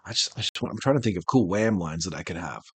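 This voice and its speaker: A man with a very low voice hosts a casual podcast discussion, rambling and restarting as ideas tumble out. He gets animated as he goes. The recording is dry and close. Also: fast, husky, dry recording. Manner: rambling, animated, self-interrupting. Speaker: podcast host. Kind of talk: casual chat.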